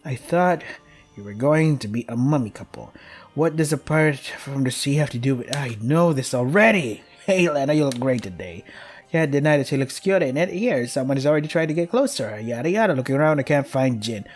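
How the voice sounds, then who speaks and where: A man's voice: mid-range voice, lively intonation, a little fast, husky, faint music behind. Exasperated young man reading game text. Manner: swears a lot, exasperated, skims text with "yada yada". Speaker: game streamer. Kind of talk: reading game text aloud with frustrated commentary.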